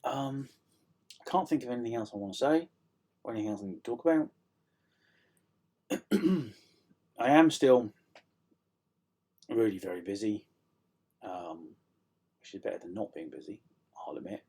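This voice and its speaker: Man, middle-aged, from South Yorkshire, low husky voice, a bit croaky, rambling self-deprecating chat. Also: lively intonation, normal speed, pauses often, warm tone. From South Yorkshire, England. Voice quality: slightly croaky. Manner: rambling, self-deprecating, many ums and restarts. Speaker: author vlogging a writing update. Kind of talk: casual chat to camera. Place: home room, indoors.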